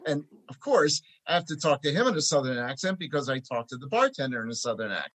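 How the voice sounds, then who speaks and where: A man's voice: mid-range voice, fast. A man from Philadelphia who works as a tax preparer, telling road-trip stories as a guest in a conversational interview. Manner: chatty anecdotal storyteller, animated when telling jokes.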